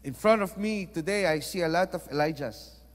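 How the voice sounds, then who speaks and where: A man with a Filipino accent preaching a sermon, moving between hushed and emphatic delivery and mixing Tagalog into his English. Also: on the high side, fairly quick, long reverb tail.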